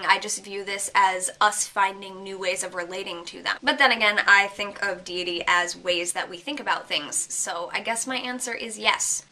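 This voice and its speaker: A young woman with a bright, sharp voice speaks through the congestion of a head cold. She hosts her own casual vlog and works through her opinion out loud in an earnest way. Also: medium pitch. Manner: earnest, thinking aloud. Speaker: vlog host.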